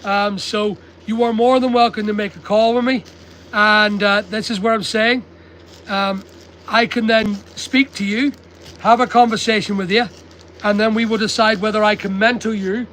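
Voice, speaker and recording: An older British man chats on a livestream in a blunt, plain-spoken way, answering viewers as he works. His voice sits fairly high for a man. A faint hum of background noise runs under the talk. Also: a bit bright, rough recording. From United Kingdom. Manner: blunt and chatty, reads out viewer comments. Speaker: online seller livestreaming. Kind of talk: casual livestream chat. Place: stock depot at a packing table.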